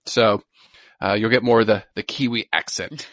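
A man's voice: lowish voice, fairly even intonation, moderate pace, a bit bright, dry recording. A man in his thirties co-hosting a podcast in casual chat, enthusiastic and repeating words for emphasis. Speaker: podcast co-host.

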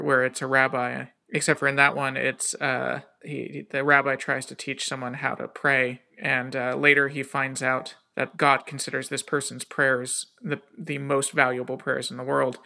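A man's voice: medium pitch, vocal fry, pushed and bright. A man co-hosting a podcast, chatting in a curious, talkative way. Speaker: podcast co-host. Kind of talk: casual conversation.

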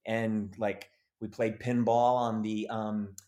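A man telling a story in a casual interview, animated and acting out the voices of the people in it. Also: fairly low pitch, slow pace. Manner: animated, acts out quoted voices. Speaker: actor guest.

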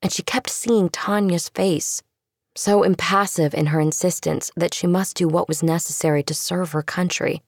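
A woman reads fiction aloud in a low, gravelly voice with a steady, dramatic delivery. The recording is close and dry. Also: moderate pace, no echo. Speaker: narrator. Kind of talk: audiobook narration.

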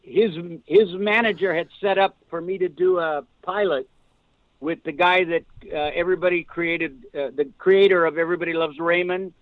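Older male guest actor, high-ish voice, tinny phone audio; animated, rambling anecdotes. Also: moderate pace, no echo. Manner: rambling, animated storyteller with restarts. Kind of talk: casual podcast storytelling.

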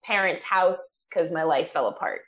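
A woman's voice: fairly low pitch, normal speed. A young woman co-hosting a podcast, chatting casually, swearing and laughing as she tells stories. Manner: animated, swearing, laughing storyteller. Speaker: podcast co-host. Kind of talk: casual chat.

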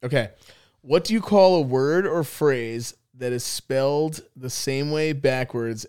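A man's voice: medium pitch, a little mellow, clear, resonant tone. A man co-hosting a podcast, playing a trivia party game and bantering playfully with some swearing. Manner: playful, profane, quick banter. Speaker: podcast co-host.

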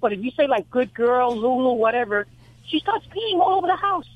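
A woman's voice: sits high, sing-song, a little fast, no room sound. New York woman caller on phone. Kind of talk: radio call-in question. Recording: tinny phone line.

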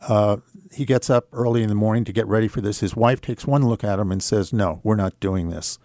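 An older man with a low-pitched voice tells a personal story on talk radio. He speaks in a measured, reflective way, pausing and hesitating as he goes. The sound is close and dry. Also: mellow, no echo. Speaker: radio guest.

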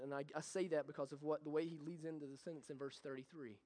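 A man preaching a sermon as a pastor, building with repeated phrases and then dropping to soft, intimate tones. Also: on the high side, steady tone, fast, few pauses. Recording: long hall reverb.

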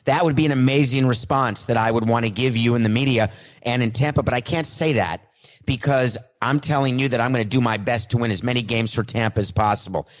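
A blunt star quarterback in his forties holds a mock press conference and says exactly what he feels, as a man puts him on in his own plain voice. The delivery is conversational, with a middle-pitched male voice. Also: steady tone, fairly quick, lightly acted. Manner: plain own voice, no attempt at an impression.

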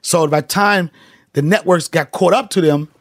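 A man's voice: sits high, moderate pace, dry recording, clean studio sound. A middle-aged male comedian, telling emphatic, profane stories as a podcast guest. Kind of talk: casual podcast chat.

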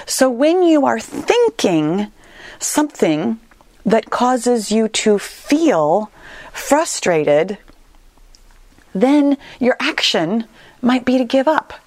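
A woman's voice: a little high, big pitch swings, extremely slow, darkish tone. A woman coaching listeners on a solo podcast, talking in an earnest, reassuring and conversational way. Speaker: weight-loss coach, podcast host.

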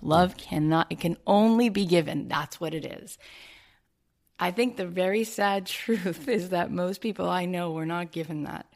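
A woman hosting a heartfelt conversation, her voice sitting a little low. She talks earnestly, retelling a personal story and acting out what others said to her. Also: darkish tone. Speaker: host.

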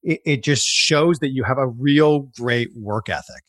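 A man's voice: mid-range voice, unhurried, a bit bright. A male interviewer asking questions and giving short, encouraging replies. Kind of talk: casual interview.

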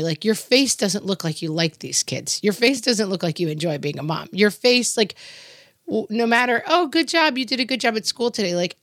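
This middle-aged woman has a mid-range voice and co-hosts a podcast, animatedly telling stories in casual conversation and acting out the voices of people she quotes. The sound is dry and studio-clean.

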